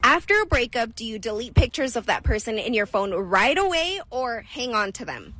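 A woman's voice: on the high side, very animated, normal speed, pushed and bright, no echo. A woman co-hosting a radio show, reading quiz questions in a giggly way. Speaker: radio co-host asking questions. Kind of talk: casual chat.

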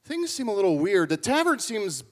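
A goofy, boastful tavern regular rambles in absurd tangents, as a man puts him on. His voice is very high and swoops about in lively turns. He delivers nonsense with a straight face. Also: moderate pace. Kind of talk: live improv comedy.

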